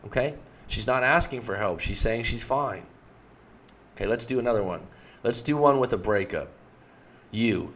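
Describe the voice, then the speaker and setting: A man's voice: medium pitch, normal speed, fairly bright tone. A male relationship coach giving an explanatory talk, plainly walking the listener through example conversations.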